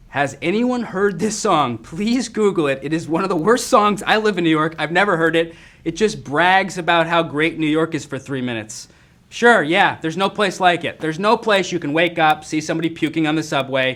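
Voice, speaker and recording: A man hosting a live trivia game, excitable and jokey with quick banter between questions. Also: on the high side. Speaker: game show host.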